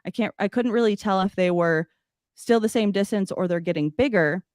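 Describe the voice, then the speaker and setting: A woman telling a personal story as a podcast guest, animated and loose, with many "like" fillers. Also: mid-range voice, moderate pace, smooth, dry recording, clean studio sound. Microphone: podcast studio mic.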